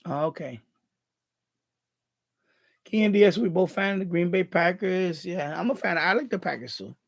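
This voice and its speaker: A man's voice: high-pitched, expressive, moderate pace, gravelly. A man with a New York Bronx accent hosting a casual live stream, rambling and repeating words as he answers viewer comments. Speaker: radio hobby live stream host.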